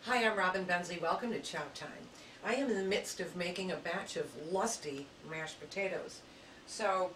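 A woman hosting a cooking show, narrating a spoof romance and explaining a recipe with a deadpan, tongue-in-cheek manner. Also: fairly low pitch, background noise. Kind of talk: mock-dramatic romance narration and cooking demonstration. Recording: distant mic with music behind.

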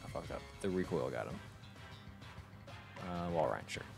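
Low-voiced, profane gaming streamer man. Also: moderate pace, vocal fry, music in the background. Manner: profane, excitable reactions with frequent restarts. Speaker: streamer playing a video game. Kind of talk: casual let's-play commentary.

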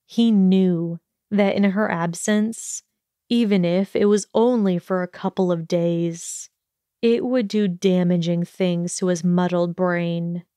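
A woman narrating a fantasy fan-fiction audiobook in a steady storytelling manner, on a close mic. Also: lowish voice, slow pace, clear, resonant tone, no echo. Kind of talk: scripted narration.

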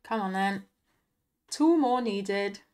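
A young woman hosting a slot-win video, gushing and giggling in excited commentary. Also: medium pitch, takes it slowly, clean tone.

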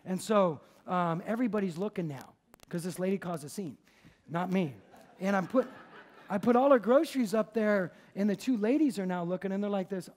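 A man preaching as a pastor, telling a story in a lively, conversational, jokey way. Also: sits high, normal speed. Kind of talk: sermon with storytelling. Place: church service.

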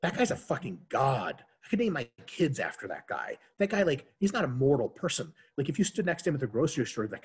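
An energetic man riffs as a podcast guest, cursing freely and joking around. His voice is a little husky, and his pitch swings widely as he talks. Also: fast, hardly any pauses. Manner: animated, profane, jokey. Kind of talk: casual podcast chat.

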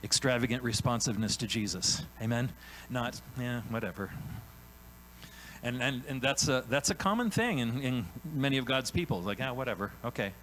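A man's voice: medium pitch, animated, a bit bright, slight background noise, low-quality recording. A man preaching a sermon in a conversational way, often checking in with "right?" and briefly acting out the people in the story. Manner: conversational preaching, frequent "right?" tag questions; acts out biblical characters in quick voiced asides. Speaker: pastor.

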